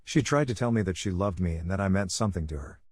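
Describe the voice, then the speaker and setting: Male narrator, lowish pitch, steady and plain read-through of written stories, dry close recording. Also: fast, slightly rough, dry recording. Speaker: story narrator. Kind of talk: scripted narration of online posts.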